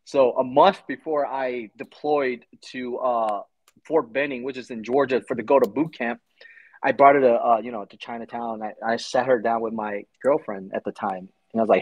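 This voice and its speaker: A man's voice: mid-range voice, steady tone, moderate pace, no echo, poor audio. A man in his forties, a former Army Ranger, telling his story in a casual interview, blunt and swearing freely. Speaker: podcast guest, Army Ranger veteran.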